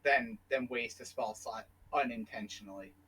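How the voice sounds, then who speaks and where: A man's voice: mid-range voice, fairly even intonation, fairly bright tone, a little hiss or hum, low-quality recording. A man playing a tabletop game, casually talking over others with restarts. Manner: talks over others, quick laughs, restarts. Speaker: player.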